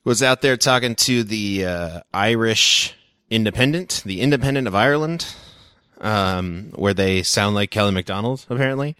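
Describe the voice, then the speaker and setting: Low-voiced man co-hosting a podcast. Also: fairly bright tone, smooth, dry recording, clean studio sound. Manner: quick, joking news rundown. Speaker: podcast co-host. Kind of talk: casual podcast chat.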